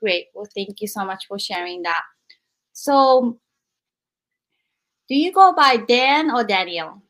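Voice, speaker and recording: A woman hosts a podcast interview, asking her questions slowly and politely. She speaks at a middle pitch and often hesitates with fillers as she searches for words. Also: expressive, fairly bright tone.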